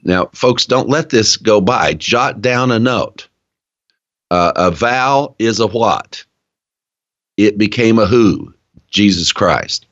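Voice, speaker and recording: A man with an East Tennessee accent co-hosting a casual Bible study, talking in an earnest, drawn-out preaching cadence. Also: on the low side, animated, fairly bright tone. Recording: dull lo-fi sound.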